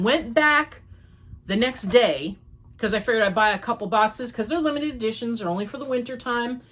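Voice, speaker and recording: A woman's voice: medium pitch, fairly bright tone. An older American woman, rambling chattily as she hosts a crafting podcast. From United States. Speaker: podcast host. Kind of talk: casual chat.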